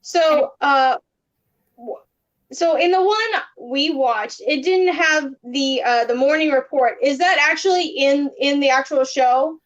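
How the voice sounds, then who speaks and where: A woman's voice: sits high, measured pace. A woman co-hosting a casual chat, asking questions with a few restarts. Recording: dull lo-fi audio.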